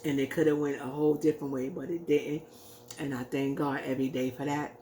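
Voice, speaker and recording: A woman talks a little fast in a low, mellow voice with little pitch movement. As a vlogger telling a personal story, she rambles, leans on "like" and "you know," and acts out quoted lines, with a little hiss or hum present.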